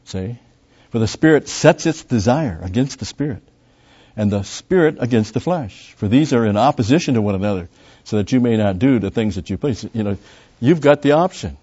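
Emphatic male preacher, mellow lo-fi sound. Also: medium pitch, lively intonation, fairly quick, husky. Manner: emphatic, surges louder on key words; teaching, with fillers and restarts. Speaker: pastor. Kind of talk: sermon. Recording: dull, lo-fi recording.

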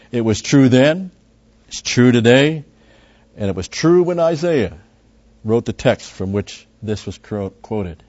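A man's voice: medium pitch, darkish tone. A man teaching through a Bible passage verse by verse, conversational and full of asides, pressing hard on key words. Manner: conversational, with frequent asides and restarts. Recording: dull lo-fi recording.

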